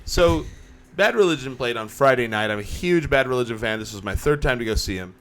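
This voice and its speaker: A man co-hosting a casual podcast chat, telling stories with lively acted-out quotes. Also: mid-range voice, a little fast, a little hiss or hum. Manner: animated storyteller, acts out quotes. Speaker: podcast co-host. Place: small home studio.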